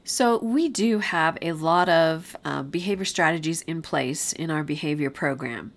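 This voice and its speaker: A woman's voice: low-pitched, measured pace. A woman podcast host with a nasal voice from a cold, talking in a direct, friendly way about classroom behavior. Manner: friendly, direct, with fillers like um and you know. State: has a cold. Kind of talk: podcast talk, casual teaching.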